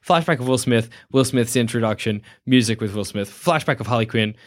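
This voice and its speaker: A man's voice: medium pitch, fairly quick. A young man, likely from Australia, co-hosting a casual film review podcast, sweary and mocking, often acting out characters in asides. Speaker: podcast co-host.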